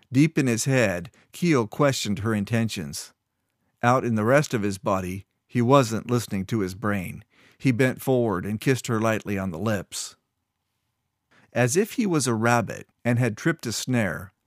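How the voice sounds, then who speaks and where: A man reading a story aloud in steady, measured scripted narration. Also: mid-range voice, no room sound, clean studio sound. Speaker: audiobook narrator.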